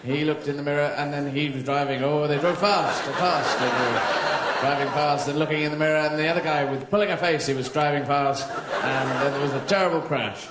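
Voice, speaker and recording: Rambling surreal British comedian on stage. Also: male voice, fairly high pitch, fairly even intonation, fairly quick, very noisy. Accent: British English. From Britain. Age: 30s. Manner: rambling surreal storytelling, swearing, slipping into silly voices. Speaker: stand-up comedian. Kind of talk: live stand-up comedy. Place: theatre stage before a live audience. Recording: echoey theatre with loud audience laughter.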